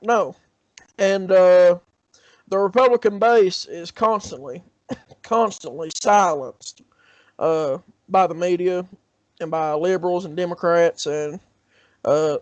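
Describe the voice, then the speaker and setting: A man's voice: high voice, no room sound. A man co-hosting a podcast, chatting casually about politics in a rambling, hesitant way with frequent laughs. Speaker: podcast co-host. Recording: dry, dull lo-fi sound.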